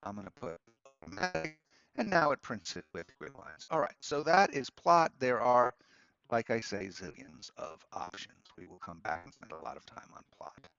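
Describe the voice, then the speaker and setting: A man, a law professor, giving a relaxed, conversational screen-recorded lesson at his computer, with frequent ums and asides. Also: mid-range voice, normal speed, lo-fi sound. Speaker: law professor teaching a course.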